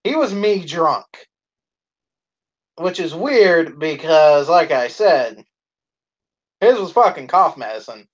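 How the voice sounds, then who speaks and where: A man co-hosting a live stream, telling a profane, animated story in casual chat. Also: on the high side, slow pace, pauses often, muffled recording.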